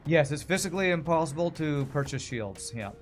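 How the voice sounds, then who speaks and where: A man's voice: a little high, animated, brisk, soft background music. A man streaming a video game, commenting live in a frustrated, swearing rant while apologizing to the ship's designer.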